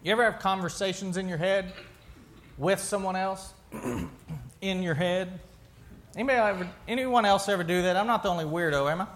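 A man's voice: high voice, moderate pace, long pauses, a bit bright. A male pastor giving a sermon in a conversational way, asking the congregation questions and often restarting his sentences.

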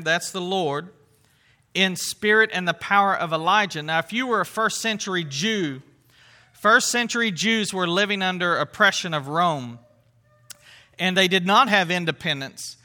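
A man giving a conversational Bible teaching, earnest and emphatic, often pausing on fillers and restarting phrases. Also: high-pitched, bright, forceful tone.

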